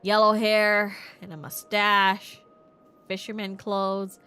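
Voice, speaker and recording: A woman voicing a formal, rambling small-town tourism officer in a video game, speaking slowly and low. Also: level tone, pushed and bright, clean tone, soft background music. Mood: pompous. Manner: formal, slow and long-winded.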